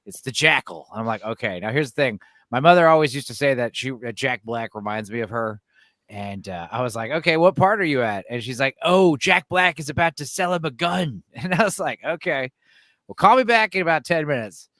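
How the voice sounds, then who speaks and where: A man chatting as a guest on a film review show, joking and telling animated stories. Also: mid-range voice, brisk, no room sound. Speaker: guest panelist. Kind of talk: casual chat, storytelling.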